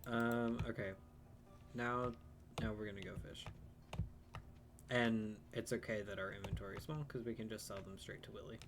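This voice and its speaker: A man's voice: on the low side, fairly even intonation, moderate pace, long pauses, background noise. A man streaming a farming game, chatting casually and self-deprecatingly about his plans as he plays. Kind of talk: casual let's-play commentary.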